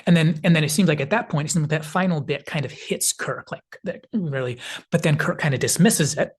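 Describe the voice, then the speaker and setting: Husky-voiced man retelling a film scene. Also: fairly high pitch, a little fast. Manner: rambling retelling full of "kind of" hedges. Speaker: film analysis video host. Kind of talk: casual video essay narration.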